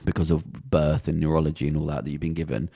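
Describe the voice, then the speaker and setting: A British man hosts a casual podcast in a deep, dark voice full of gravel. He talks fast and bluntly, swearing as he rambles from point to point. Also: level tone. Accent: British English. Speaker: podcast host.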